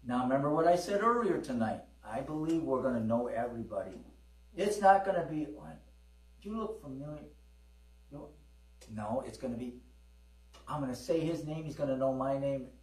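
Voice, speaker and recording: A man's voice: medium pitch, expressive, brisk, darkish tone. Folksy preacher man in an echoey hall. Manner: folksy storytelling, call-and-response with the congregation. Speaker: pastor. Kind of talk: sermon with personal testimony. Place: church hall. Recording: roomy hall, distant mic, mains hum.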